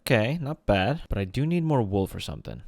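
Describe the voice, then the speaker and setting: A man's voice: lowish voice, sing-song, a little fast, vocal fry, a little mellow. A man giving casual, jokey commentary over his gameplay and talking to the animals in the game. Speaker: gaming creator.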